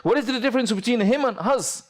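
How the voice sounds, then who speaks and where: A man's voice: very high-pitched, fast talker. A man giving a sermon to an audience, telling a story and asking rhetorical questions. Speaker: preacher.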